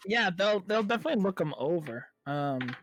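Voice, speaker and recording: A man's voice: high-pitched, expressive, a little fast, fairly bright tone, slight background noise. A man narrating a tabletop game as game master, hesitant and full of fillers while he voices guards and townsfolk. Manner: hesitant, with many fillers and restarts.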